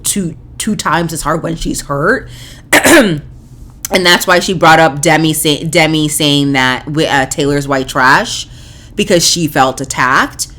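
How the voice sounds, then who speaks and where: A woman with a low voice talks through her opinions in a casual podcast. She is chatty and opinionated, and often restarts her sentences with fillers. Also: fairly bright tone. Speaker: podcast host. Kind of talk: casual commentary on a reality show.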